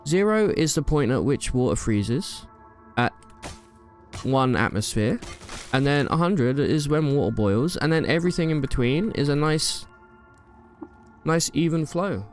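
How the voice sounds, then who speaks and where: A man's voice: on the high side, animated, measured pace, long pauses, soft background music. A young man giving casual, playful gameplay commentary, joking and trash-talking the enemies he fights. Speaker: gaming YouTuber.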